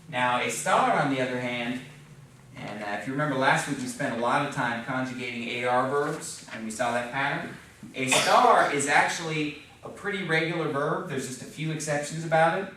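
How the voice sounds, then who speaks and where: A man teaches a class, patient and steady, pausing often to ask the students "okay?" and "right?". His voice sits at an ordinary middle pitch and comes from across the room. The classroom is very echoey, with a faint hum of room noise behind him. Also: recorded from a distance. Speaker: Spanish teacher. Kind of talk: classroom lesson at a whiteboard.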